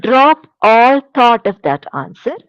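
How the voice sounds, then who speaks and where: A woman teacher with an Indian English accent, giving a classroom lecture in a slow, deliberate, emphatic way. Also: on the high side, big pitch swings, dry recording, highs cut off.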